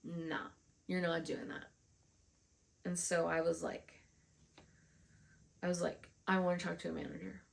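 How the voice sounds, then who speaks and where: A woman telling a long storytime vlog in a slow, unhurried way. Her voice sits a little low and has a gravelly fry running through it. She sounds frustrated, swears freely and acts out what each person said. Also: level tone. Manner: frustrated, swears often, retells with quoted dialogue. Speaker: vlogger.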